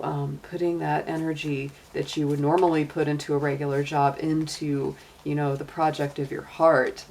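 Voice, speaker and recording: A woman's voice: sits low, creaky. A middle-aged woman giving a casual tarot reading, chatty and encouraging, with lots of "um" and "you know". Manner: chatty and encouraging, many fillers. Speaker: tarot and astrology reader.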